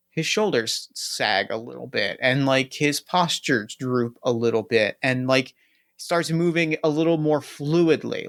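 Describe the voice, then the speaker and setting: A man's voice: mid-range voice, fairly bright tone. A man playing a tabletop game and describing his character's actions, rambling with many fillers and restarts. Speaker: player.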